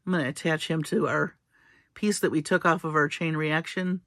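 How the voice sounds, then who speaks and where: A woman with a low, fairly bright voice and fairly even intonation hosts a casual jewelry-making tutorial at a moderate pace. She's chatty and playful, letting out small laughs as she works through each step of the craft demo. The recording is dry and clean, with studio sound.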